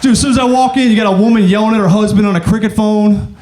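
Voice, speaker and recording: Sex: male. Origin: from Arkansas. Role: stand-up comedian. Pitch: high. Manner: casual, rambling, filler-heavy. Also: fairly even intonation, very fast, background noise. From Arkansas, USA.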